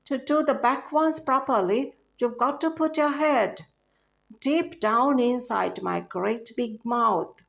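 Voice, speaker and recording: A woman's voice: fairly high pitch, takes it slowly, creaky. A woman voicing a sly, grinning male crocodile with a coaxing, confident manner in a poem recitation.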